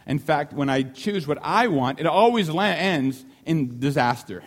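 Animated preacher man, slightly high voice. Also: normal speed, few pauses. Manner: animated, acts out the disciples' shouting; repeats key lines for emphasis. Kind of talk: sermon.

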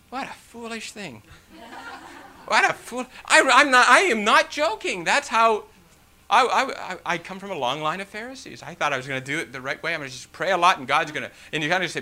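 A male preacher with a very bright, sharp-edged voice pitched a touch high for a man. He reads scripture aloud, then preaches on it with animated emphasis and rhetorical questions, dropping in casual "you know" asides. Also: fairly quick. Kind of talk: sermon with scripture reading.

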